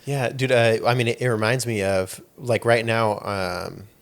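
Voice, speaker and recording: A man's voice: medium pitch, steady tone, measured pace, vocal fry. A young adult man hosting a podcast in casual chat, rambling and leaning on "like" and "you know". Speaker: podcast host.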